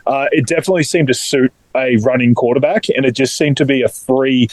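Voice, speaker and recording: A man's voice: mid-range voice, steady tone, brisk, no room sound, rough recording. Australian male co-host, emphatic casual sports talker, dry recording. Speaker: podcast co-host.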